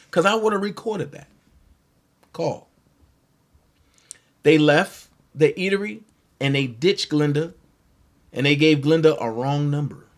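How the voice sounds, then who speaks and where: A man's voice: sits high, fairly bright tone. Rambling man telling a story on his channel. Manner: rambling, conversational, restarts and asides. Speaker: commentary channel host. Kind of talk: casual livestream storytelling.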